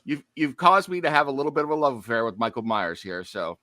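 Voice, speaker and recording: Bright-voiced animated male podcast co-host. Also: medium pitch, fast talker, dry recording. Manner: animated, digressive, playful asides. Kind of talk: casual horror podcast chat.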